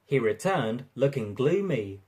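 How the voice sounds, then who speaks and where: Expressive storybook narrator. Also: mid-range voice, unhurried, breathy edge. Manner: expressive, lively.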